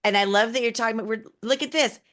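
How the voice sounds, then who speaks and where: A woman hosting a spiritual conversation, talking in a slow, musing and affectionate way. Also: on the high side, a bit bright. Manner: slow, musing and affectionate, calls people baby. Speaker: host.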